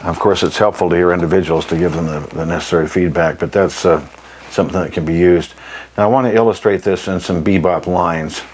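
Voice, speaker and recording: A man with a very deep, low voice teaches jazz phrasing in a plain-spoken, emphatic way, often clearing his throat as he goes. A faint hiss of noise sits under the recording. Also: steady tone, fairly quick, a little mellow, low-quality recording. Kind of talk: instructional demonstration.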